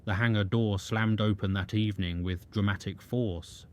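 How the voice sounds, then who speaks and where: A man giving scripted story narration in a measured, even delivery. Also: fairly low pitch. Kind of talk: scripted documentary-style narration.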